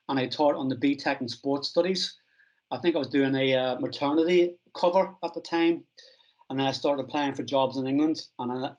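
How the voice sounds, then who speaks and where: A middle-aged man from Northern Ireland, a strength coach telling stories from his career in a relaxed, self-deprecating interview. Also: medium pitch, rough recording. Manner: anecdotal, self-deprecating, acts out quoted dialogue.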